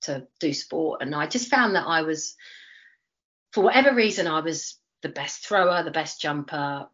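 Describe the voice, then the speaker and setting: Woman, 40s, low voice, lively anecdotal storyteller, slightly muffled recording. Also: normal speed. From East London, England. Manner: animated storyteller, acts out quoted voices, frequent restarts. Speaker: interview guest, former Olympic athlete. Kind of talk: casual storytelling interview.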